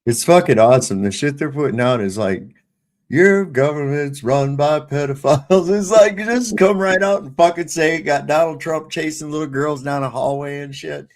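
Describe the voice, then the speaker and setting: A man's voice: fairly high pitch, brisk, few pauses. An older man ranting in casual, profane, exasperated political chat on a livestream panel.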